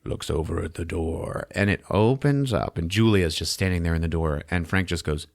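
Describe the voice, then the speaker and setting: A man hosting a podcast, giving a comedic movie recap in a lively, profane style and laughing often. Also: sits low, moderate pace, creaky. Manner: animated, swearing, laughing often. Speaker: podcast host.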